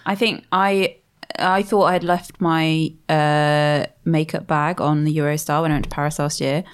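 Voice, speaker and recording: A woman's voice: sits low, fairly even intonation, a little slow, smooth. A woman, co-hosting a podcast, chatting casually and reading out listener emails. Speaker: podcast co-host. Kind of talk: casual chat.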